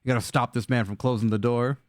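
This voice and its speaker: A man's voice: mid-range voice, fairly even intonation, fast talker, no room sound, clean studio sound. A man running a tabletop game as dungeon master, narrating loosely with fillers and cursing.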